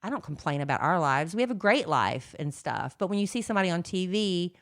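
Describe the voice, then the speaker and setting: A woman's voice: fairly low pitch, lively intonation, a little fast. A middle-aged woman co-hosting a podcast, rambling and gossipy in casual chat, with lots of fillers. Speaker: podcast co-host.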